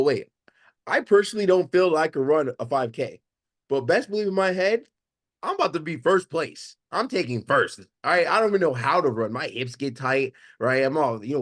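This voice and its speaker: A man talks quickly and punchily on a video call from his home. He fires off rhetorical questions, swears casually and drives his points home with emphasis. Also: mid-range voice, no echo, studio quality. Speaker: coaching call participant. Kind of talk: animated motivational chat. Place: home living room.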